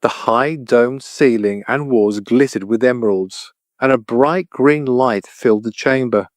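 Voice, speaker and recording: A man narrating a children's storybook audiobook in an even, clear storytelling voice. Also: mid-range voice, unhurried, no echo.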